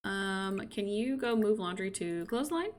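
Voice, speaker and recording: A woman's voice: medium pitch, lively intonation, normal speed, a little hiss or hum. A young woman streamer chatting casually as she plays, talking to her game characters and voicing them playfully. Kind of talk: casual gameplay commentary.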